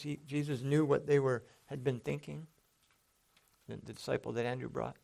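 In a sermon, a man speaks earnestly and conversationally, his mid-range voice dark in tone with a gravelly, creaky edge. He frequently halts to restart a phrase before driving his point home.

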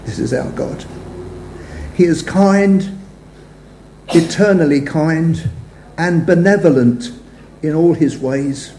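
Older male preacher, unhurried and mellow, slightly high voice, roomy church hall sound. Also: slight background noise. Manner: measured, phrases trailing off softly. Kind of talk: sermon.

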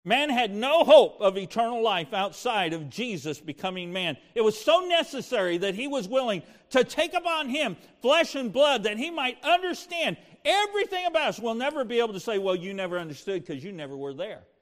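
An older man preaching a sermon as pastor, moving between impassioned preaching and soft, personal storytelling. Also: extremely high pitch, lively intonation, a little fast, hardly any pauses, big-room sound.

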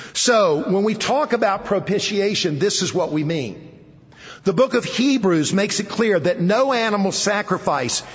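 High-voiced slow preacher in a reverberant hall. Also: male voice, dull audio. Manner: emphatic, repeating key phrases, dropping low at phrase ends. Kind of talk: sermon. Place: hall with an audience.

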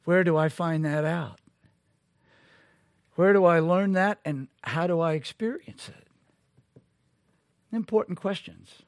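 Brief: high-pitched male preacher, slow and deliberate, pressing rhetorical questions, dry close sound. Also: no room sound. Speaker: pastor. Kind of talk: sermon.

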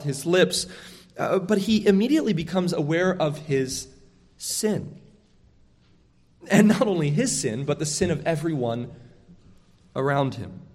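A man's voice: high-pitched, long reverb tail. A man preaching a sermon as a pastor, earnest and emphatic, often restarting his phrases as he drives a point home.

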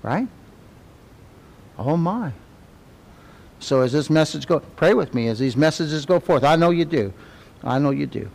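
A middle-aged man leads a Sunday school class in a church. His voice sits a little high, and he talks in an animated way, tossing tag questions at the class. On reverent words he drops to a soft, low murmur. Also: unhurried, vocal fry, pauses often. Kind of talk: conversational Bible teaching.

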